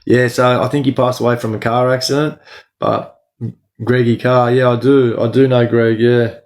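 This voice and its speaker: An Australian man of middle age hosts a casual livestream, reading out viewers' names and answering them. His speech is loose and slangy, peppered with "bro", at an ordinary mid pitch for a man. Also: fairly even intonation, normal speed, darkish tone. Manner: slangy, talks to chat by name, says "bro" a lot. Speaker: livestream host.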